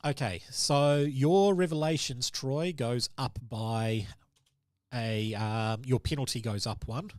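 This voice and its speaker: A man's voice: mid-range voice, slow pace, no room sound. Man running a tabletop horror game. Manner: loose, rambling narration with many ums and sort-ofs. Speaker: game master.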